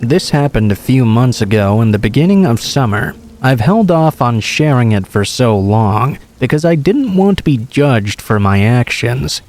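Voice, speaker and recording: A man reading true scary stories aloud in a steady, measured first-person narration. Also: medium pitch. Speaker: horror story narrator.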